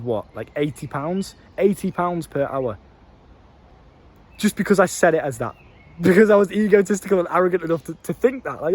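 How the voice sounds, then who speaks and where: A young man talking bluntly to camera, telling stories and swearing freely as he gives dating advice. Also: fairly high pitch. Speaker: dating coach vlogger. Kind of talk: casual monologue to camera.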